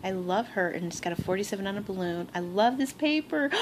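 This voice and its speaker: Excitable woman, casual crafting vlog, gushing chat, noisy phone recording in a bedroom. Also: medium pitch, fast talker, few pauses. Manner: gushing, excitable, gasps and laughs often. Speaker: crafting vlogger. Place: bedroom at home.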